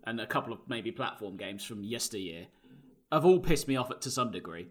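A man's voice: on the low side, animated, brisk. A man co-hosting a casual podcast, making dry, wry remarks. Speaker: podcast co-host. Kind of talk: casual chat.

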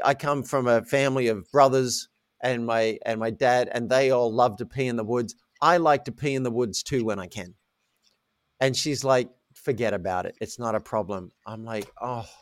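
Man, podcast guest, candid storytelling, self-mocking, animated, dry close sound. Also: mid-range voice, clean tone, no echo. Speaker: guest, coach.

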